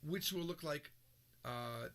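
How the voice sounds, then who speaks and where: A man teaching a recorded language lesson, explaining with lively, joking examples. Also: a little high, takes it slowly. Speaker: Japanese teacher.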